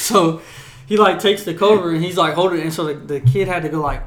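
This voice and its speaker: A young man co-hosting a podcast, telling profane, animated stories in casual chat and acting out yelling drill instructors. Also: high-pitched, moderate pace, reverberant, crowd noise. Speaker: podcast co-host.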